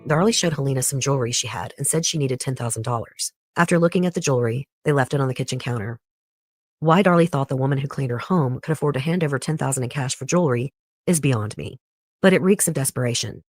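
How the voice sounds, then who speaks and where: A podcast host reading a scripted true crime case in a measured storytelling way, with pointed personal asides. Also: mid-range voice.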